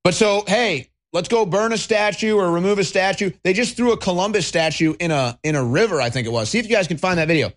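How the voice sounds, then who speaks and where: A political talk show host rants angrily in a high voice, talking fast with few pauses. He's combative and mocking, and he swears freely.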